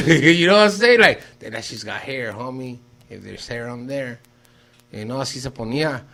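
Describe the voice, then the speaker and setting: Slangy man, bright voice. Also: medium pitch, expressive, moderate pace. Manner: slangy, mixes in Spanish words, acts out quotes loudly. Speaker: podcast host. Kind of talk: casual stoned podcast banter.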